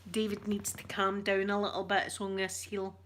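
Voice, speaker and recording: A Scottish woman chatting with her viewers on a live stream, switching between whispers and soft talk. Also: mid-range voice, monotone, fairly quick, a little hiss or hum. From Scotland. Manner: uses Scottish words like wee.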